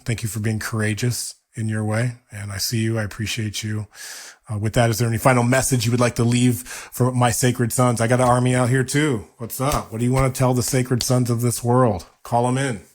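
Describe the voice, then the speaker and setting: A man's voice: mid-range voice, little pitch movement, normal speed. A man in his forties hosting a podcast, talking earnestly in a casual interview and hyping up the sign-off. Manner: earnest, warm praise with playful hype at the close. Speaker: podcast host.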